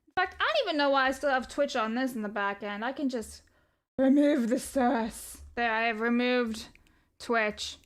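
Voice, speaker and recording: A woman with a high voice talks through a casual live stream. She rambles loosely, swears freely and reads viewer messages aloud between tangents. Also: brisk, fairly bright tone, clean tone. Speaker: livestreamer.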